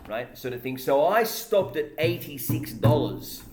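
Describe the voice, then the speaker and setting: A man's voice: a little high, animated, measured pace, darkish tone. Chatty man in an echoey room. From Australia. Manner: chatty, tags lines with "right?". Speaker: podcast co-host. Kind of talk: casual chat.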